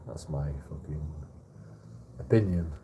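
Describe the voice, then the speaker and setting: A man's voice: rumbling low, takes it slowly, warm tone, a little hiss or hum. A young man telling a rambling story on a livestream, swearing often, stammering and restarting his sentences.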